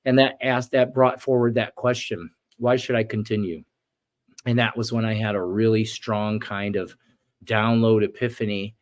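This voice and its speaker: A man's voice: fairly low pitch, fairly even intonation, normal speed. A man in his forties, a shaman guest on an interview show, telling a personal story earnestly and acting out his past outbursts.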